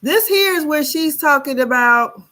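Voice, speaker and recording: A woman's voice: sits high, expressive, normal speed, pushed and bright. A woman hosting a casual gossip commentary, rambling and hesitant as she recaps reality-show drama. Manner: rambling, hesitant, many fillers and restarts. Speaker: gossip channel host.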